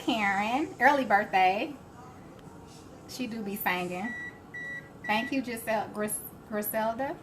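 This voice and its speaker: A woman's voice: fairly high pitch, a little slow, long pauses. A woman hosting a live cooking stream, chatting and laughing as she answers viewer comments. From Alabama, US. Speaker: cooking show host. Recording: faint background noise.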